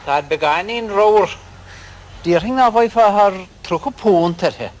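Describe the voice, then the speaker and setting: A man playing a loud, jeering character in a comedy sketch, with faint noise behind. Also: sits high, moderate pace, close to an everyday voice, low-quality recording. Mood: mocking. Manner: loud, exaggerated.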